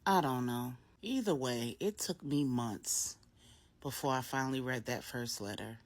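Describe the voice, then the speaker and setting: A woman's voice: a bass voice, unhurried, pitched below the performer's own voice. A woman voicing a grown woman and mother, confiding reflectively in her best friend in an earnest, conversational way. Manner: earnest, soul-searching, conversational.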